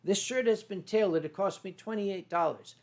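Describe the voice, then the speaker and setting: High-voiced American man hosting a stream. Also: normal speed. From North Carolina. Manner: boisterous, swearing, tipsy banter. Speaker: stream host. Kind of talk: casual livestream chat, reading chat messages.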